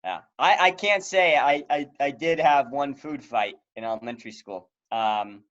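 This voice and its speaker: A man's voice: medium pitch, moderate pace, fairly bright tone, lo-fi sound. A man co-hosting a podcast, chatting casually with lots of fillers and laughs. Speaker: podcast co-host. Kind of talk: casual chat.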